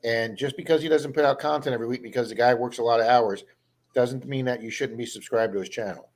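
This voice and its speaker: A man's voice: medium pitch, fairly even intonation, fast talker. A man hosting a casual live stream, telling long stories and acting out the people he met. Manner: rambling storyteller, acts out quoted people. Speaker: live stream host, metal detectorist.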